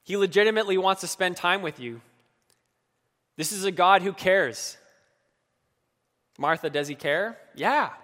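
A man's voice: high voice, expressive, measured pace, long pauses, pushed and bright. A man preaching a sermon in an earnest, personal way, acting out quoted pleas with feeling. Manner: earnest, acts out quoted pleas with rising emotion. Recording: long hall reverb.

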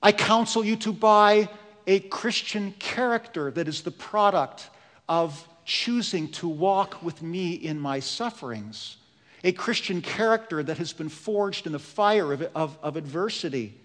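A man's voice: a little high, steady tone, unhurried, few pauses, a bit bright, long reverb tail. A man voicing Jesus as a loving figure who urges and pleads with his church, raised and emphatic. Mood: urging.

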